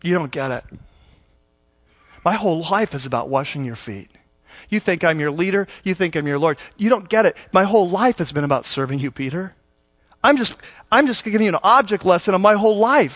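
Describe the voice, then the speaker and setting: A man voicing Jesus as a calm, firm teacher who speaks gently and earnestly, on a dull lo-fi sermon recording. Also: fast, no echo. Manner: low, gentle, earnest, hushed.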